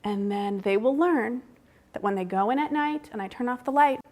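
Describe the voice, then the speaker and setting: High-voiced woman giving a casual seminar talk. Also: normal speed. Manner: conversational, frequent tag questions; acts out parents' lines in a soft whisper. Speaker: university researcher giving a seminar.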